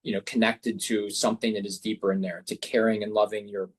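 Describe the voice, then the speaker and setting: A man's voice: fairly low pitch, level tone, fairly quick, breathy edge. A man who is a guest in a casual interview, speaking reflectively and repeating words as he searches for his phrasing.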